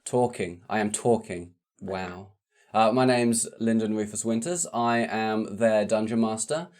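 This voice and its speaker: A man's voice: fairly low pitch, measured pace, a little mellow. A man, the dungeon master of a tabletop show, chatting and joking casually. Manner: joking, self-deprecating banter. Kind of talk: casual chat.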